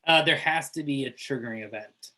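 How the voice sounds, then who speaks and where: A woman running a tabletop game as game master, halting and amused as she thinks aloud. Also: rumbling low, sharp tone.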